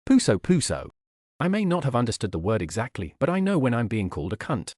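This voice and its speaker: A man narrating an audiobook in an expressive, wry manner on a studio mic. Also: medium pitch, quick pace, no echo.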